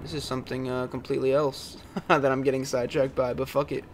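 Young male gaming host, gravelly, casual and profane, talks to himself mid-play. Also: medium pitch, little pitch movement, fast, darkish tone, slight background noise. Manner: swears a lot, exclaims, mutters to himself. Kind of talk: casual let's-play commentary.

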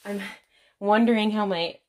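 A woman with a Midwestern accent, filming an unboxing vlog at home on a camera on a tripod, gushing and gasping with excitement. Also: mid-range voice, moderate pace. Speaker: vlogger.

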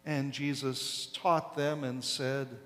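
A man preaching a sermon as pastor, slow and deliberate, leaning hard on key words. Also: mid-range voice, little pitch movement, a bit bright. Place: large church sanctuary. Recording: long echo of a church hall.

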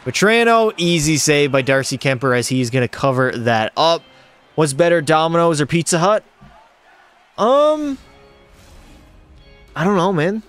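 Streamer type, young guy, slightly high smooth voice, excitable play-by-play, jokey with chat. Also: unhurried, long pauses, faint music behind. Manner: hyped play-by-play, jokey, answers chat questions. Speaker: gaming streamer. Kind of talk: live gameplay commentary with chat.

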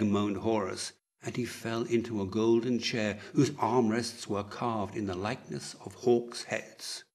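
A man narrating an audiobook in a measured, unhurried reading style. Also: on the low side, steady tone. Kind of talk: scripted narration.

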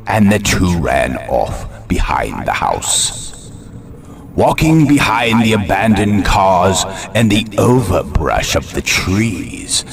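A man hosting a horror show, narrating a scary story slowly and dramatically, with an ominous tone. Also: low voice, vocal fry. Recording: narration over loud music. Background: music.

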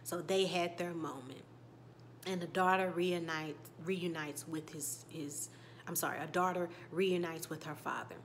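A woman hosting a casual show recap, telling it in an animated way that swings from loud bursts to hushed whispers and reacts emotionally. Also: sits low, measured pace, slight background noise. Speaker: YouTube TV recap host.

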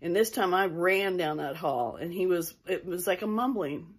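A woman's voice: lowish voice, moderate pace, husky. A middle-aged woman casually telling a personal ghost story to her viewers, rambling and interrupting herself as she goes. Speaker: vlogger.

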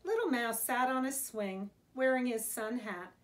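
A woman's voice: fairly high pitch, animated, a little slow. A woman, a preschool teacher, reading a picture book aloud to young children in a sing-song storytime manner.

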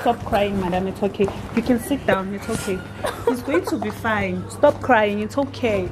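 A woman's voice: medium pitch, normal speed, background noise. A woman playing a waiter, soothing and repeating reassurances in a scripted skit.

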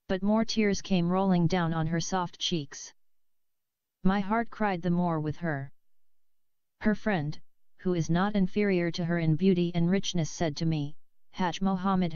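A woman reading a novel aloud in a measured, steady way, close to the mic, on a slightly dull lo-fi recording. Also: fairly low pitch, smooth, no room sound. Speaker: audiobook reader.

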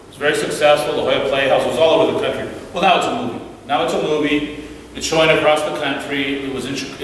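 Animated male storyteller in an echoey hall. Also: mid-range voice. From Mexico. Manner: animated storyteller who acts out quoted dialogue, many restarts. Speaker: guest speaker. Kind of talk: storytelling talk to a church audience. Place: church hall. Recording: echoey hall, distant mic, faint hiss.

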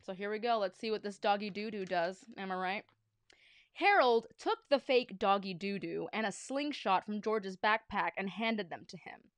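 A woman's voice: medium pitch, moderate pace, fairly bright tone, dry recording. A woman reading a children's book aloud on a livestream, with playful, chatty asides.

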